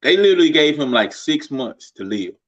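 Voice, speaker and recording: A man telling stories in a laid-back, colloquial way, often pausing with fillers. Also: a little high, very animated. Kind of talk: casual conversation. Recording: slightly dull lo-fi sound.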